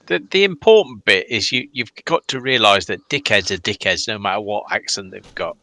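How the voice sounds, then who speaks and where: Gravelly, blunt English man. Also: fairly low pitch, fairly quick, sharp tone. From England. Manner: blunt, swearing, laughing often. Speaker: gamer. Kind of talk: casual gaming chat over voice comms.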